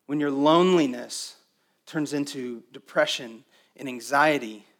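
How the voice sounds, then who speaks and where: A man preaching a sermon as pastor, swinging between emphatic raised passages and quiet, intimate stretches. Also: mid-range voice, a little slow.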